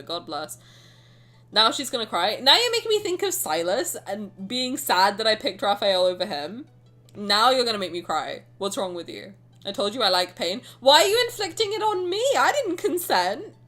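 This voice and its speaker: A woman streamer with a mid-range, pushed, bright voice chats and jokes casually while reading game dialogue aloud. It's laid-back gaming commentary with faint game music behind her.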